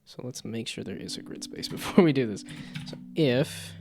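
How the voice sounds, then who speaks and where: Gravelly man thinking aloud while coding. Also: mid-range voice, lively intonation, normal speed. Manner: thinks aloud, muttering to himself, playful asides. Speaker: VTuber game developer streaming. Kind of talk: casual live-stream chat while coding. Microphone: desk microphone with loud keyboard clicks. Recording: music playing under a live stream. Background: guitar music.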